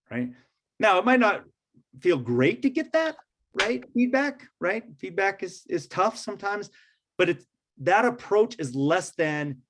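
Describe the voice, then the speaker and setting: A man presents to a room of educators in a loose, conversational way. His voice sits a little on the high side. He keeps checking in with listeners as he goes. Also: lively intonation, measured pace, long pauses, fairly bright tone. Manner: conversational, many fillers and "right?" check-ins. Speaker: trainer leading a teacher workshop.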